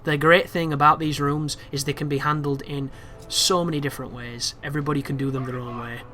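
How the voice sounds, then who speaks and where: A man's voice: on the high side, fairly quick, soft background music. A man giving casual walkthrough commentary over gameplay, chatty and prone to exasperated asides. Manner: chatty, with exasperated, animated asides about the game.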